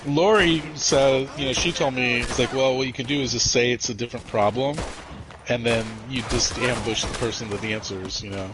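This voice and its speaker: A man chatting casually while gaming with friends, swearing often and telling stories in an animated way. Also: medium pitch, normal speed, background noise. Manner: profane, animated storytelling. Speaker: gamer playing with friends.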